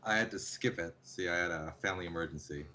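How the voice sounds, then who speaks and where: A man's voice: low-pitched, fast talker, pushed and bright. A man voicing a male halfling worker who bluffs his way through, hesitant and fumbling for excuses. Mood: bluffing.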